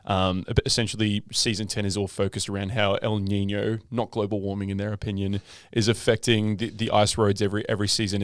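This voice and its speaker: Casual podcast co-host, dry sound. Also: male voice, on the low side, clear, resonant tone, dry recording. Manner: casual, explaining things with fillers and swearing. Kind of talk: casual chat.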